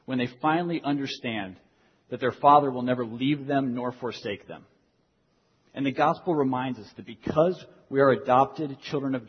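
A man's voice: mid-range voice, husky. A young man preaching a sermon as a pastor, earnest, repeating key phrases for emphasis. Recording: dull lo-fi sound in a reverberant hall.

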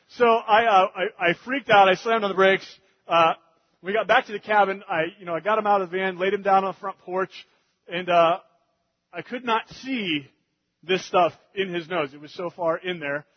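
A man preaching, telling a family story in an animated way that gets loud and fast in the funny parts. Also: sits high, highs cut off. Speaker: pastor. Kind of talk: sermon storytelling.

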